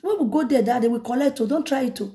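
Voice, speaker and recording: Lady evangelist preaching, fairly high voice, laughs a lot as she goes. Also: quick pace. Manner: animated preaching in Nigerian Pidgin, laughing often. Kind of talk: sermon.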